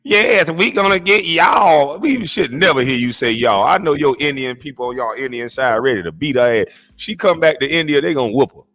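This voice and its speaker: A man streaming a profane comedic rant as he reacts to clips, incredulous and mocking, often shouting. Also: medium pitch, animated, brisk, few pauses.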